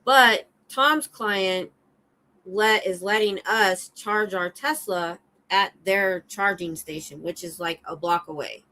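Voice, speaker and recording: A middle-aged woman, a security guard hosting a casual livestream chat, telling animated stories from her work. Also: medium pitch, takes it slowly, low-quality recording. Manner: animated storyteller, acts out her own shouts.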